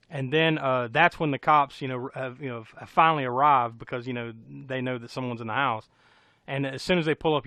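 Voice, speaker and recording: A man's voice: mid-range voice, pushed and bright, no room sound. An American man casually recapping a horror film on a podcast, rambling and laughing, with a profane storytelling manner. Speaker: podcast co-host.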